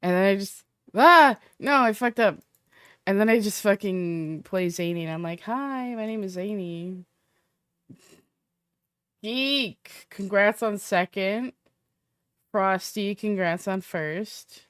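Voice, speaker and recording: On a dry recording, a woman with a clear, resonant mid-range voice speaks at a measured pace. She's a streamer casually swearing and chatting with her viewers, partly talking to herself as she sets up a roleplay character.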